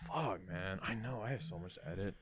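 A man's voice: low-pitched, fairly quick, fairly bright tone. A young man co-hosting a casual podcast, joking and often trailing off into mumbles. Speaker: podcast co-host.

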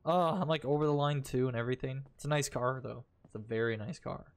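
A man's voice: mid-range voice, fast talker, clean tone. A man giving casual, joking commentary while playing a horror game, swearing and laughing often. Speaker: gaming streamer.

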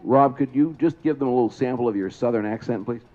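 A man's voice: mid-range voice, quick pace, phone-quality sound. A man announcing a trolley parade to a crowd outdoors, explaining things and asking the audience questions. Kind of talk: public address commentary to a crowd. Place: outdoors at a trolley museum event.

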